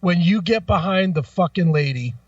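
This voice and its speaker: A man's voice: sits high, expressive, moderate pace, darkish tone, no room sound, distant mic, dull audio. A man co-hosting a radio talk show, ranting in crude, profane banter during casual chat.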